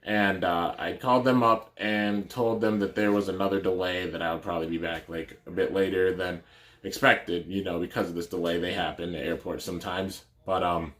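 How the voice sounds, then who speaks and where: A man's voice: low-pitched, steady tone, normal speed, fairly bright tone. A man, a YouTuber, casually telling a story in a rambling way, with many fillers and restarts.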